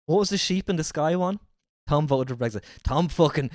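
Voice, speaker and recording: A man's voice: fairly high pitch, lively intonation, fairly quick, darkish tone, no room sound, clean studio sound. A man livestreaming and reacting to a video, joking crudely and swearing a lot, his voice strained.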